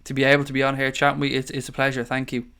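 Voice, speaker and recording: A man's voice: mid-range voice, monotone, very fast, gravelly, fairly bright tone, clean tone. An Irish man hosting a casual live stream, reading out viewer comments and greeting people as mate and buddy. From Ireland. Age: adult father of young children.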